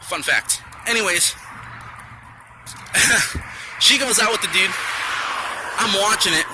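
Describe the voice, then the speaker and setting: A young man telling a story from work in a rambling, profane, animated way, outdoors at night. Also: sits high, slow pace, noisy background. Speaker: vlogger. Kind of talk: casual storytelling.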